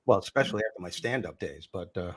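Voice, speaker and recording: An older man, a comedian and former teacher, telling animated stories in a podcast interview and acting out the voices he quotes. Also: sits low, quick pace, slightly rough.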